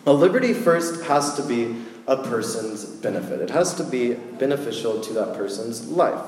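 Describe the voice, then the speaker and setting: A man's voice: mid-range voice, sing-song, moderate pace, a little mellow, a little hiss or hum. A man giving a casual sermon, chatty and joking with slangy asides. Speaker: preacher. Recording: echoey hall with long reverb.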